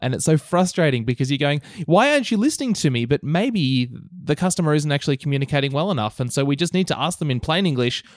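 A man's voice: a little high, fast, few pauses, no echo. Man, podcast co-host, thoughtful, analytical, dry close sound. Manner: thoughtful, analytical, fond of asides. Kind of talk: reflective podcast talk.

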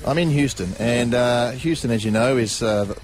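A man's voice: medium pitch, normal speed. Rambling man telling a story. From Australia. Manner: rambling, self-correcting, chuckles as he tells it. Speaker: guest storyteller. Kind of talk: casual anecdote on talk radio.

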